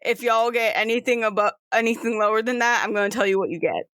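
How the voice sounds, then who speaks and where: A woman's voice: on the high side, fast, fairly bright tone, clean tone, dry recording, studio quality. Teasing woman running a tabletop game. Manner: teasing, laughs often. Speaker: game master. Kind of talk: casual tabletop narration.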